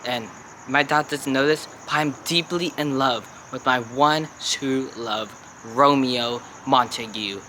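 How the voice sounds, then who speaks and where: Dreamy, gushing lovestruck teenage girl, played by a teen boy; bright voice. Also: mid-range voice, takes it slowly, a little hiss or hum.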